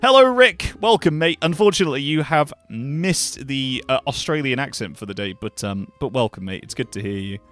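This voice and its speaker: Goofy man streaming, lively pitch. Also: normal speed, few pauses. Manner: goofy, joking, plays with his voice. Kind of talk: casual livestream chat while playing a game.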